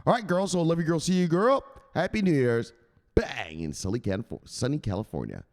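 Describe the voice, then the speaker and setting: A man hosting a casual livestream, giving loose, profane shoutouts to viewers with laughs along the way. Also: fairly high pitch, sing-song, brisk, long reverb tail. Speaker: host.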